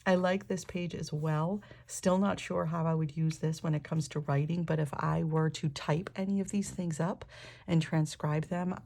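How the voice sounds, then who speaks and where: A woman with a croaky morning voice, chatting casually and enthusiastically as she shows off a new planner. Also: sits low, mellow. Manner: enthusiastic, thinking aloud with fillers. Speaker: planner vlogger. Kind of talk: casual show-and-tell narration.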